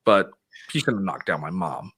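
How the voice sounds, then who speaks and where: A man's voice: deep voice, animated, normal speed, a bit bright, slightly rough. A man hosting a podcast, telling a story in casual chat, rambling and swearing with frequent laughs. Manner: rambling, profane, laughs often. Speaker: podcast host.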